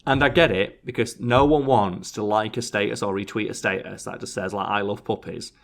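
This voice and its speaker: A man's voice: lowish voice, fairly even intonation, a little fast, vocal fry. A man hosting a casual podcast chat, sarcastically reading out survey answers. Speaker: podcast host.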